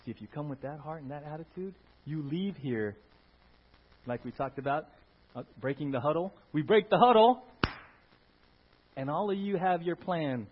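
A man preaching a sermon in church, talking in an animated way, rising to loud emphatic bursts and putting questions to the congregation. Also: fairly high pitch, normal speed, long pauses, slight background noise. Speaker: pastor. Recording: dull lo-fi sound.

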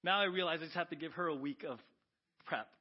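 Animated preaching man, dull sermon audio. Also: on the high side, fast, husky. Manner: animated, swings from loud urgent questions to quiet asides. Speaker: pastor.

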